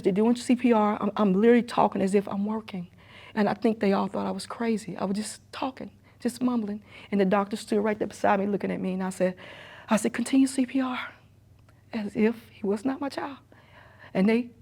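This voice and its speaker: A middle-aged woman recounting a personal story in a documentary interview, her voice set at an ordinary middle pitch. She speaks haltingly, repeating herself, and often drops to a hushed near-whisper. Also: gravelly, breathy edge. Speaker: emergency room nurse and grieving mother.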